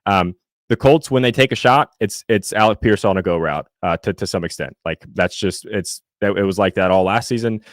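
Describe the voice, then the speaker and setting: A young man from Indiana co-hosting a podcast, chatting casually about football and fast food and reading the live chat, rambling with many fillers and restarts. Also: on the low side, dry recording, clean studio sound. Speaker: podcast co-host.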